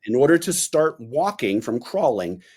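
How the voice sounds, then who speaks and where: A man in his forties, a podcast guest, chatting casually and telling animated stories in which he acts out the voices he quotes. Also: medium pitch, moderate pace, husky. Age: 40s. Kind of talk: casual interview chat.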